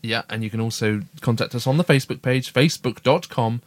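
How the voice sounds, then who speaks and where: A man's voice: mid-range voice, a little fast, dry recording. A middle-aged man hosting a homely podcast, chatty and cheerful as he works through listener messages. His voice sits mid-range and is recorded close and dry, with no room sound. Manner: chatty, upbeat, reads listener emails aloud. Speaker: podcast co-host, father. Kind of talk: casual family podcast chat.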